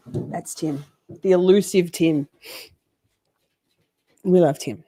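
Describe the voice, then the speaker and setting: A woman's voice: on the low side, slow, long pauses, dark tone, no room sound, clean studio sound. A woman hosting a live stream, chatting casually with viewers. She is playful, laughs often, swears freely and talks straight to her audience. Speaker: livestream host.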